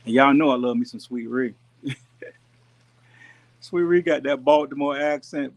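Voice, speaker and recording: A man talks to his live-stream viewers in an easygoing, folksy drawl, speaking straight to the people watching. He sounds relaxed and unhurried, as if chatting with friends while on the road. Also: mid-range voice. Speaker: YouTube gardening channel host. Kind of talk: casual live-stream chat. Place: rented house with pool and jacuzzi. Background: pool and jacuzzi noise.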